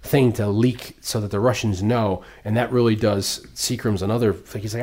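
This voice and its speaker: A man in casual conversation about a movie, talking in long rambling runs. He gets animated and swears freely, dropping into quick voices for the characters he describes. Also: fairly low pitch. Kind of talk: casual film discussion.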